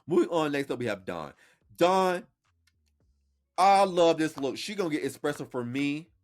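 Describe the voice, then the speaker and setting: Animated, sassy male podcast host. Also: on the high side, normal speed. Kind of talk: casual reaction commentary.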